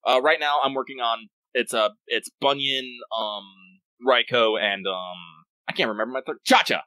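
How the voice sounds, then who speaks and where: Male podcast co-host, loose and profane, with a crisp, bright tone. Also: medium pitch, moderate pace, no echo, rough recording. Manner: rambling, profane, self-interrupting. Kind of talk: casual chat.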